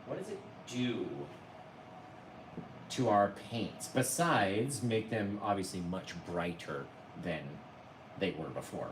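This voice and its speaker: An enthusiastic man leads a live painting tutorial and keeps chatting with his viewers. His voice swings up and down with energy. It sounds roomy and a little far from the mic, with steady noise underneath. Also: lowish voice, measured pace. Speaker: painting instructor on a livestream. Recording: roomy echo, voice a bit off-mic, noticeable background noise.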